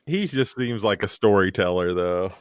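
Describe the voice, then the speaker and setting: Male co-host, low voice, relaxed storytelling, dry sound. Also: normal speed, no echo. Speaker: podcast co-host. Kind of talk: casual chat.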